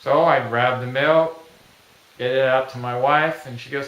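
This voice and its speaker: A middle-aged man pitching his own invention in a plain, folksy way, acting out little everyday scenes. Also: steady tone, a little slow, fairly bright tone. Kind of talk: product pitch video. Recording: echoey room.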